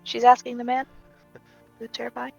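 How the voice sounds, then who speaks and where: A woman playing a tabletop game who reacts with quick exclamations. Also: fairly high pitch, monotone, creaky, no room sound, lo-fi sound, faint music behind. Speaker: player. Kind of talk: tabletop role-play.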